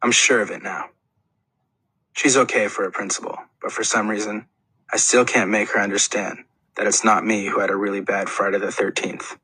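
A man's voice: fairly low pitch, little pitch movement, brisk, sharp tone, husky, dry recording, rough recording. A man reading a first-person audiobook in an earnest, plain storytelling manner. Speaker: audiobook narrator.

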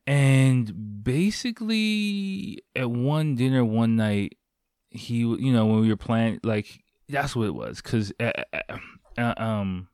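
A man's voice: mid-range voice, lively intonation, slow, darkish tone, clean tone, no room sound, studio quality. A man casually telling a long story, rambling with lots of fillers, restarts and casual swearing.

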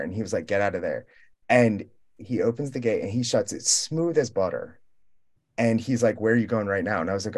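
Young guy, talkative roundtable guest, swears freely, rambles through an animated story. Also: fairly low pitch, fairly quick. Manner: rambling, profane, animated storytelling with quoted dialogue. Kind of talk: casual storytelling.

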